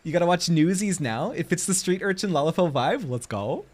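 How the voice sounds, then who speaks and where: A man's voice: on the high side, lively intonation, fairly quick. A man streaming a game, chatting casually with his viewers, laughing often and swearing freely. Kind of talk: casual live-stream chat while gaming.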